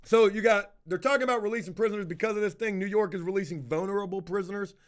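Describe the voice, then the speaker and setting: Rambling, high-voiced male streamer. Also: fast. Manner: rambling, swears a lot, slips into put-on voices. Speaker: streamer reading chat. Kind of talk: casual profane commentary.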